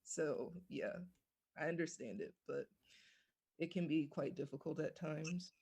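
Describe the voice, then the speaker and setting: Boston woman, measured and thoughtful, mid-pitched, dry sound; casual panelist. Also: gravelly, a little mellow, slightly rough, no room sound.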